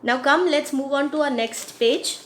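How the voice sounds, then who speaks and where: A woman with a high voice reads a picture book aloud for children. She stops often to explain words, repeating herself patiently and checking that her listeners follow. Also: normal speed, fairly bright tone, a little hiss or hum. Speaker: teacher reading a storybook. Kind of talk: storybook reading with explanations for children.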